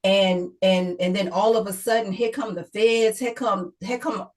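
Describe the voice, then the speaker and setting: Middle-aged woman recounting her story, emotional, repeats herself, voice neither high nor low. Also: steady tone, moderate pace, poor audio. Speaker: guest, author. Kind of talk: personal story in an interview.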